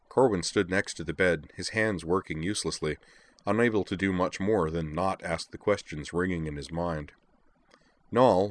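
Deep-voiced male audiobook narrator. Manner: measured, even storytelling.

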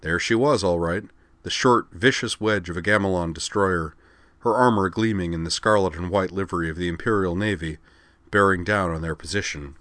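Deep-voiced man reading an audiobook. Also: dry recording. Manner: even, measured reading with voiced characters. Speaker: narrator. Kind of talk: audiobook narration.

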